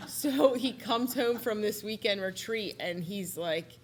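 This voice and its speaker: A woman's voice: medium pitch, animated, a little slow. Playful woman telling a family story. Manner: playful storyteller, acts out quotes with laughter. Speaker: speaker giving a testimony. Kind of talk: personal testimony talk.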